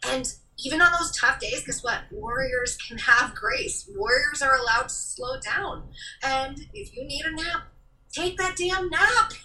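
A woman guest on a podcast delivers a stirring motivational message, emotional and close to tears. Her voice is high and piercingly bright, and she sits somewhat away from the microphone. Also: recorded from a distance, poor audio. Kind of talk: casual interview chat.

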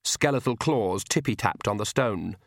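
A man reading a novel aloud as the audiobook narrator, telling the story in a measured, even way. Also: lowish voice, dry recording, clean studio sound. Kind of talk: scripted narration.

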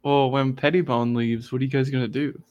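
A man's voice: medium pitch, little pitch movement, a little fast, a little mellow, lo-fi sound. A man chatting casually on a podcast, asking questions and laughing easily. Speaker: podcast co-host. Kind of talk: casual chat.

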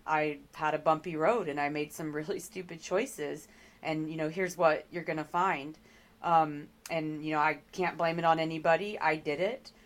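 A middle-aged woman speaking as an interview guest, telling her story earnestly with frequent ums and restarts. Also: sits low.

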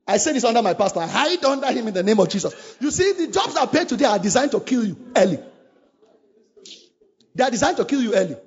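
A man's voice: very high-pitched, husky. A man preaching a sermon, urging his listeners with fervent, repetitive lines. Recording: dull lo-fi recording.

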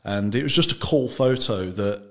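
A man's voice: medium pitch, lively intonation, moderate pace, fairly bright tone. A man talking casually about his gin brand in an interview, chatty and loose, often trailing off mid-sentence. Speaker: gin brand founder, guest.

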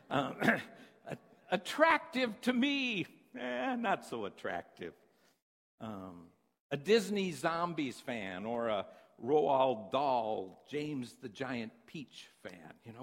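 A man preaching a sermon, telling a story in an animated, conversational way. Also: a little high, creaky. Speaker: pastor. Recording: long reverb in a big hall.

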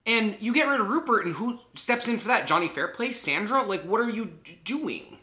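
Emphatic, lively-voiced male podcast co-host. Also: sits high, moderate pace. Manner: emphatic, animated, swears freely. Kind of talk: casual chat recapping a reality show.

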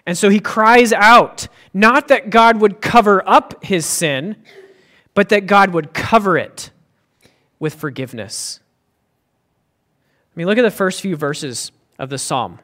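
Male pastor delivering a sermon: high-pitched, earnest, emphatic. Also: pushed and bright. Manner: earnest and emphatic, with frequent restarts.

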